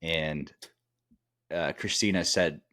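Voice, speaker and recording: Low-voiced rambling man on a podcast. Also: slow, fairly bright tone. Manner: rambling, restarts often. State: tired. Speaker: podcast co-host. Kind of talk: casual podcast chat.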